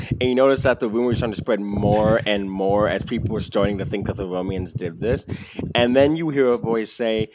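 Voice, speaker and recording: A man narrating as game master of a tabletop role-playing game, animated and often restarting his sentences. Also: lowish voice, brisk. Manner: animated, restarts often, jumps into character voices. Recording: noisy home mic.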